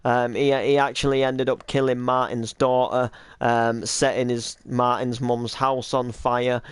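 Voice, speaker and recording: Man, casual chat, hesitant and rambling, crisp voice, mid pitch. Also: level tone, unhurried, dry recording, studio quality. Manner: rambling, hesitant with many restarts. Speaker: roleplay series creator and cameraman.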